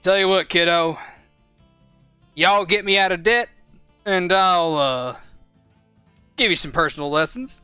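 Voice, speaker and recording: Guy doing a chill drawling gunslinger, teasing, bright crisp voice. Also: high voice, unhurried, pauses often, no echo, faint music behind. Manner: easygoing drawl, calls people kiddo.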